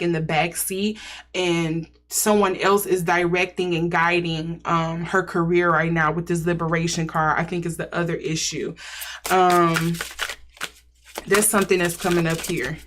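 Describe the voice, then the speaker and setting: A woman giving a casual intuitive tarot reading, musing and thinking aloud as she speculates. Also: lowish voice. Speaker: tarot reader.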